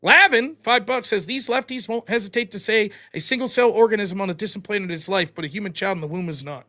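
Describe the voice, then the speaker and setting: Talking fast with hardly any pauses, a man with a high, sharp voice hosts a livestream and reads out who donated and how much. He answers them with dry one-liners in casual chat.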